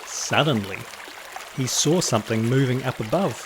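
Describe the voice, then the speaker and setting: A man reading a children's picture book aloud in an expressive, theatrical way. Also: medium pitch, normal speed, noisy background. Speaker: storyteller.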